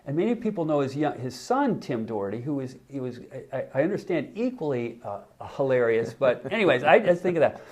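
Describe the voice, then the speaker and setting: A man in his sixties, a podcast guest, telling an animated anecdote in casual chat with frequent restarts. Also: mid-range voice, brisk, few pauses. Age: 60s. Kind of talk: casual storytelling.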